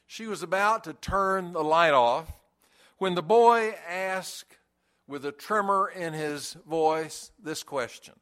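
A male pastor giving a sermon, speaking deliberately with emphatic pauses. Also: sits high, a bit bright.

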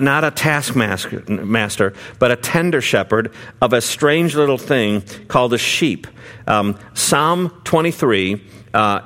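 A pastor in middle age tells a story from the pulpit in a mid-range voice. The delivery is relaxed and talky, with frequent fillers and sentences he begins again.

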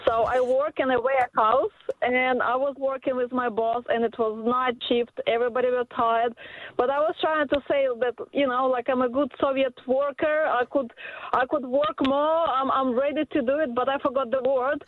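A woman's voice: high-pitched, steady tone, moderate pace, no room sound. Ukrainian-accented woman on a muffled call. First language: not English. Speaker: caller. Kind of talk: casual phone-in story.

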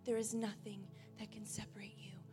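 A woman voicing God in a whispered role-play, giving soft, tender reassurance. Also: mid-range voice, flat delivery, normal speed, over music, lightly acted. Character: God, loving and close, whispering comfort.

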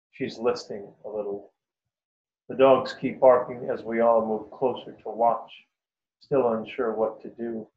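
A man's voice: medium pitch, slight background noise. Man reading a story, muffled roomy sound. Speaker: narrator. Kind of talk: first-person story reading. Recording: dull roomy recording.

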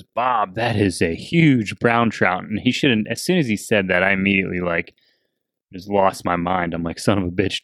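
A man's voice: on the low side, no room sound, studio quality. A man hosting a casual podcast, telling a fishing story with lots of laughs. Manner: laughing storyteller, animated retelling. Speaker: podcast host. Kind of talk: casual chat.

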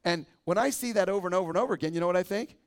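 A middle-aged man delivering a sermon as a pastor. His voice sits a little higher than most men's, and he talks to the congregation in a loose, conversational way, often pausing to ask "right?". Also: smooth.

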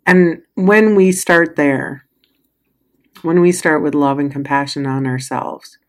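A woman's voice: sits low, steady tone, slow. A middle-aged woman giving a casual motivational talk as a coach, emotional, sighing and laughing often. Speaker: coach or healer with clients.

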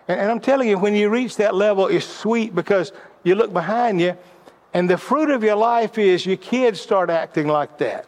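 A notably high-voiced, middle-aged man teaches about leadership in a sermon-like way, at a moderate pace and with a slightly mellow sound. Personal anecdotes carry his narrative teaching along, though he often stumbles and restarts, repeating words.

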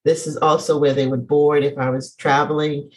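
A woman hosting a casual chat, playful and animated, laughing as she talks. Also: sits low, normal speed, rough recording. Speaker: podcast host.

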